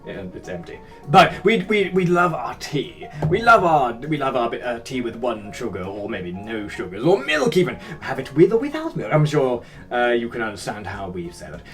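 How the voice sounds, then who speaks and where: A man's voice: medium pitch, wildly swooping pitch, normal speed, over music. A young English man hosting his own channel, answering viewer comments in rambling, self-mocking casual chat with casual swearing. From Britain. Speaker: YouTube host.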